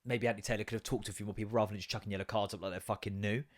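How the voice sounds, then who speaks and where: A man's voice: lowish voice, steady tone, rapid-fire. An English man hosting a podcast, ranting casually, swearing a lot and laughing often. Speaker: podcast host. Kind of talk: casual comedic rant.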